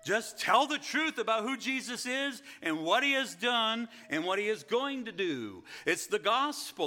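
A middle-aged pastor preaching an earnest sermon and asking the congregation rhetorical questions. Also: male voice, sits high, expressive, a little slow, few pauses, sharp tone.

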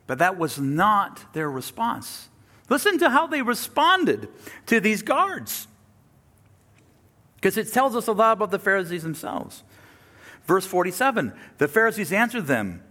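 A man preaching a sermon, acting out the people he quotes with sudden drops to a hush and rises to a loud, higher pitch. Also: wildly swooping pitch, measured pace. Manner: acts out quoted speakers with dramatic pitch and volume swings. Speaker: pastor.

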